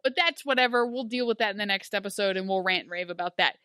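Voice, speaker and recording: A woman's voice: medium pitch, quick pace, pushed and bright, smooth, no echo, studio quality. A woman casually recapping a TV episode, animatedly acting out the characters' lines and gushing over an emotional scene. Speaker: podcast co-host.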